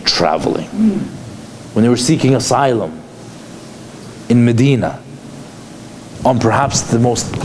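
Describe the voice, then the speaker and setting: A man's voice: mid-range voice, darkish tone, slight background noise. A man giving a conversational lecture to a class, asking many rhetorical questions. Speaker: psychologist teaching a class.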